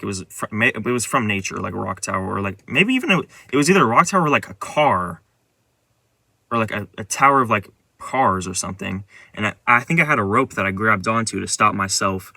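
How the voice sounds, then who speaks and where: A vlogger's fairly low, pushed, bright voice carries a meandering retelling of a dream, peppered with filler words and frequent restarts. There's no echo in the recording.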